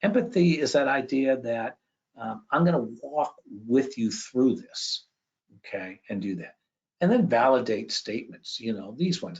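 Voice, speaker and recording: A man giving an educational presentation with slides, conversational and often checking in with a quick "okay?". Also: mid-range voice, animated. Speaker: education speaker. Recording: dull lo-fi recording.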